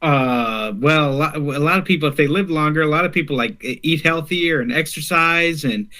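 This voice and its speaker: Bright-voiced, hesitant podcast co-host man. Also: on the high side, moderate pace, no room sound, clean studio sound. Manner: hesitant, laid-back, many fillers. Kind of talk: casual comedic podcast chat.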